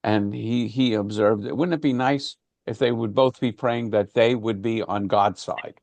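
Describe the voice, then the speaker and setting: A man's voice: lowish voice, unhurried, gravelly, darkish tone, no room sound. A man leading an informal class discussion, talking conversationally with frequent restarts and fillers. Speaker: class teacher.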